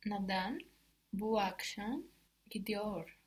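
Quiet woman learner answering carefully. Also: mid-range voice, slow. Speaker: language learner. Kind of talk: answering in a spoken language lesson.

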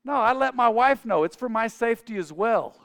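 Middle-aged male preacher, bright smooth voice, storytelling sermon with lively acted-out dialogue. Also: very high voice, long reverb tail. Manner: animated, acts out dialogue in quick voices.

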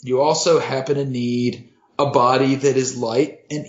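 Deadpan, profane man telling a story. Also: medium pitch, unhurried, echoey room, highs cut off. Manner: deadpan, profane, mock-serious. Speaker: podcast co-host. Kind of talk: casual comedic storytelling.

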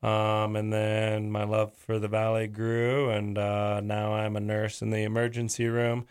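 A man from Washington State introduces himself in an easy, relaxed way. His voice is low and smooth, with an even, steady delivery, and it is recorded close and dry. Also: unhurried, no echo. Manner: relaxed and joking, with "uh" fillers. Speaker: emergency room nurse and search and rescue volunteer. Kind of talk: interview self-introduction.

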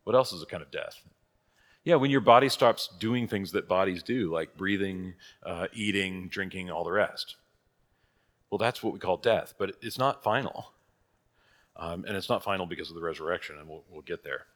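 A man's voice: low voice, normal speed, fairly bright tone. A man teaching a church catechism class in a casual, conversational way, asking rhetorical questions and laughing at his own asides.

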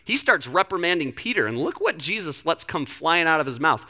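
A pastor preaching a lively, conversational sermon, joking and acting out scenes. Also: mid-range voice, brisk.

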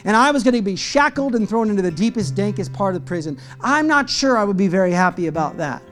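High-voiced male pastor preaching passionately. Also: big pitch swings, fast, few pauses. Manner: swings from low teaching tone to high impassioned cries. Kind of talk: sermon. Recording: faint guitar music behind.

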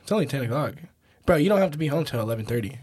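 A man's voice: mid-range voice, expressive, rapid-fire, a little mellow, slightly rough. A teenage man hosting a podcast, joking and riffing in crude, profane banter. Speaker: podcast host. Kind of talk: casual chat.

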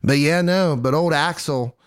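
A man's voice: fairly high pitch, unhurried, clear, resonant tone, no room sound, clean studio sound. A man in his thirties hosting a podcast, telling a true-crime story in casual, jokey chat and acting out quotes in goofy voices. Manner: self-deprecating, jokey. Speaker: podcast host.

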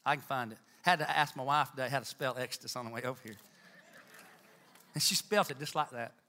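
A man preaching a sermon in church, talking to the congregation with emphatic, animated delivery and Southern turns of phrase. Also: medium pitch, fast talker. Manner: animated, emphatic, rising to near-shouts.

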